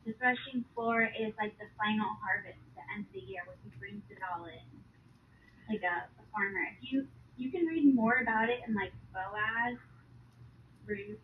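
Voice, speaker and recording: A woman's voice: medium pitch, moderate pace. A woman sharing a spiritual vision in casual spoken testimony, earnest and urgent, with loose fillers as she explains. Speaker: Christian speaker sharing a vision. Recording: tinny phone-like audio with faint background noise.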